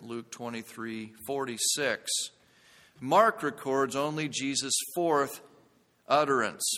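A man's voice: mid-range voice, bright, forceful tone, long reverb tail. A man preaching a sermon as a pastor, earnest and building to intense emphasis.

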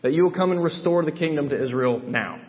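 A man's voice: fairly high pitch, fast talker, slight background noise. A man teaching through a Bible passage in a sermon, emphatic and thinking aloud with frequent restarts. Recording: dull sound with long hall reverb.

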